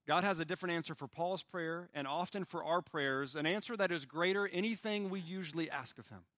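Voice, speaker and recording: A man preaching a sermon with earnest feeling, his voice sitting a little high for a man. He rises to urgent pleading, then drops to near-hushed quiet. The sound is close and dry. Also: a little fast, no room sound. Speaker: pastor.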